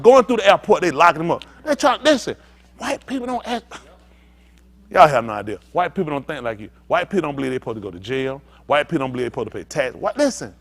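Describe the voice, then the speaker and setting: Animated preaching pastor, man. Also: on the high side, quick pace, gravelly. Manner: animated, rousing, talks back and forth with the congregation. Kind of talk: preaching to a congregation.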